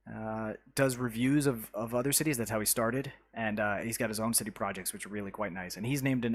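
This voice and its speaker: A man chatting live to his viewers while showing off his city-building game, talking in a relaxed, halting way full of "uh"s and restarts. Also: lowish voice. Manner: greets chat viewers by name. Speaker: live streamer.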